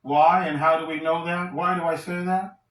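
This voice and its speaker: A man teaching from the Bible in a sermon, reading verses aloud slowly and asking rhetorical questions. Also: on the high side, little pitch movement, fairly bright tone. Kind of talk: scripture study sermon. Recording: roomy echo, distant from the mic.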